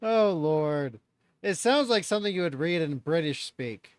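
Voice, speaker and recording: A man's voice: fairly high pitch, expressive, a little slow, clean tone, dry recording, clean studio sound. A man hosting a live stream, reacting in loose, chatty talk and swearing freely.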